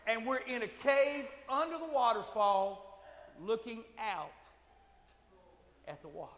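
A man with a very high voice preaches a sermon, spinning a lively story and building to shouted, fervent emphasis. His voice carries a long reverb, as if it fills a big church sanctuary. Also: measured pace, pauses often. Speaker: pastor.

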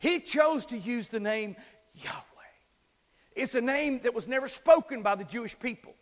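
High-voiced preacher in a reverberant church. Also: male voice, a little fast. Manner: dynamic preaching, drops to whispers and builds to shouts; asks the congregation to repeat after him. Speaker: pastor. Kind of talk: sermon. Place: church sanctuary. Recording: long hall reverb.

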